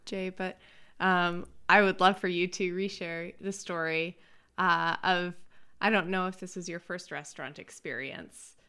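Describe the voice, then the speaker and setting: A woman co-hosting a podcast who speaks in a gentle, hesitant way. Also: lowish voice, steady tone, measured pace, smooth. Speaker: podcast co-host. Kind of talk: casual conversation.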